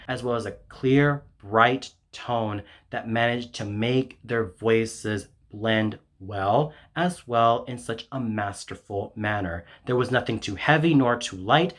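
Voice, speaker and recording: A man of average pitch reads out his scripted album review in even, measured sentences. He praises at length in a formal, effusive way. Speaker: music reviewer.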